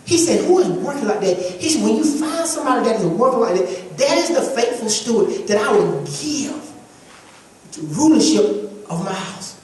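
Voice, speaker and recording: Recorded from a distance in an echoey church hall, this woman's sermon rings out to the gathered congregation. She sounds a little high and a little mellow, with lively intonation at normal speed, preaching emphatically with repetition and call-and-response. Slight background noise is present.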